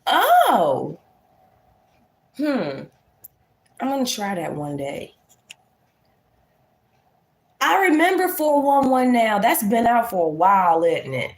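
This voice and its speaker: A woman's voice: on the high side, sing-song, slow pace, pauses often. A woman vlogger chatting casually to her viewers, folksy and talkative. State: congested. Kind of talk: casual chat to camera.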